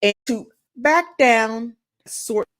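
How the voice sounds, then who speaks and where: Slow, rambling woman commentator. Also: fairly high pitch, animated, fairly bright tone. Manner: rambling, repetitive, chatty asides. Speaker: channel host. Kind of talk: casual commentary monologue.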